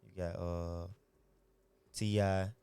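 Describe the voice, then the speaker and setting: A man's voice: sits low, little pitch movement, slow, dark tone, clean tone, dry recording. A young man from Atlanta with an Atlanta accent, a rapper giving laid-back, slangy answers in an interview. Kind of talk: casual interview chat.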